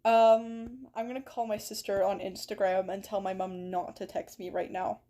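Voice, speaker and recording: A woman's voice: mid-range voice, flat delivery, normal speed, mellow. A woman streaming a game from her bedroom, chatting with viewers in a playful, mock-dramatic way. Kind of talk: live-stream chat while gaming. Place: bedroom at home.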